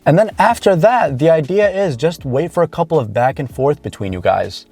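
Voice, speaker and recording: A man's voice: a little high, animated, normal speed, a little mellow, husky, faint music behind. A man coaching viewers on dating, talking earnestly to camera and repeating key points for emphasis. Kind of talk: instructional talk to camera.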